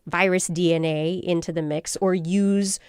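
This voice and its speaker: A woman talks through a science story in a relaxed, playful way, dropping in little voiced asides. Her voice sits a touch low and comes across smooth and clear. The sound is close and dry, with no room around it. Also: measured pace, no room sound. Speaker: science podcast co-host. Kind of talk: casual science explanation.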